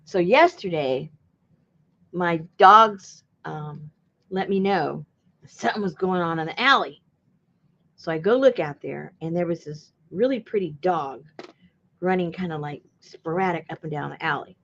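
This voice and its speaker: Crafting as she talks, a woman who makes junk journals and hosts a channel speaks in a fairly low, slightly bright voice, unhurried, on a lo-fi recording. She winds through a long, meandering story, laughing often and acting out what people said.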